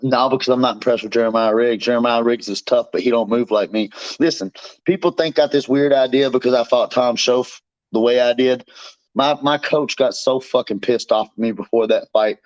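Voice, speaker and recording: A man's voice: mid-range voice, a little fast, dry recording. A man who is a bare knuckle fighter, guesting on a show and trash-talking his opponent in a boastful, profane, fired-up way. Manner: boastful, fired up, swears constantly. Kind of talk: brash profane trash talk. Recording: slightly dull dry recording.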